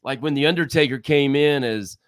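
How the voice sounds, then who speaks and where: A man's voice: mid-range voice, brisk, clean tone, dry recording, studio quality. Rambling middle-aged male wrestling guest. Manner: rambling, self-interrupting, folksy. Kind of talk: casual podcast chat.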